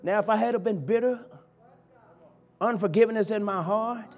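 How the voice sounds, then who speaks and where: A man, a bishop, preaching a sermon in a church, swinging from hushed pleading to loud, impassioned cries. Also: sits high, normal speed. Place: church sanctuary.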